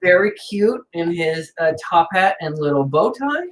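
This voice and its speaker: A woman's voice: fairly low pitch, animated, normal speed, reverberant, background noise. A woman narrating a tabletop game as game master, talking loosely with many fillers.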